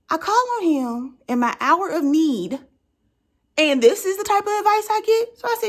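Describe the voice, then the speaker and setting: A young woman tells a comedic story in a conversational way and keeps checking in with her listener. Her voice sits high and swings widely as she talks. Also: normal speed. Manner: animated, conversational, keeps asking the listener "right?". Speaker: vlogger telling a story.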